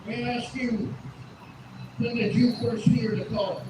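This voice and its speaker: A man's voice: extremely high pitch, steady tone, measured pace. A man giving a solemn outdoor speech at a commemorative rally, asking rhetorical questions. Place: outdoors at a state house grounds. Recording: echoey PA sound from a distance, outdoor noise.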